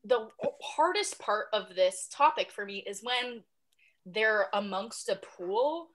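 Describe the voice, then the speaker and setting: A woman appearing as a guest on a podcast, chatting casually in an animated, playfully dramatic way. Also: mid-range voice, slow.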